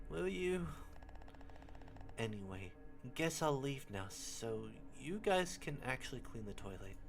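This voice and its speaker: A man voicing a sad, shy young boy who was abandoned, speaking softly and stammering. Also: medium pitch. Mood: awkward. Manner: soft, hesitant, stammering.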